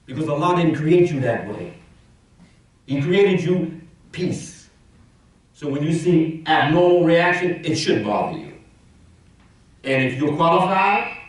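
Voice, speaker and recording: Unhurried and marked by long pauses, a slightly high male voice with big pitch swings carries a Friday sermon from an imam in a mosque prayer hall. His preaching is conversational, with rhetorical questions and rising and dropping delivery, recorded off-mic in a very echoey space.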